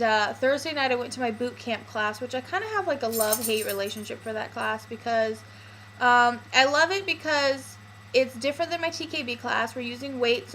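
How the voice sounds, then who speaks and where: Young woman vlogging, kinda high bright voice, lots of ums, faint hiss behind. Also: low-quality recording. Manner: chatty, candid, with many fillers. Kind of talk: casual personal vlog.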